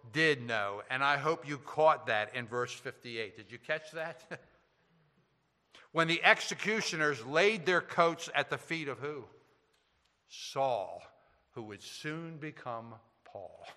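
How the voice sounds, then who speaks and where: A man preaching a sermon, swinging between loud emphasis and hushed, quiet passages. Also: medium pitch, long reverb tail. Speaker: pastor.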